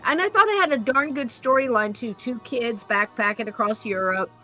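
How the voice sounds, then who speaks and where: A woman podcast host in casual chat, talking fast and gushing with enthusiasm. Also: fairly high pitch, sharp tone, faint music behind.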